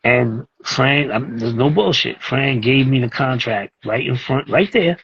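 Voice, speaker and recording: A man's voice: medium pitch, measured pace, creaky, husky, muffled recording. A man, telling a story casually as a guest and acting out the voices of the people in it. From East New York, Brooklyn. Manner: animated, acts out voices in his stories.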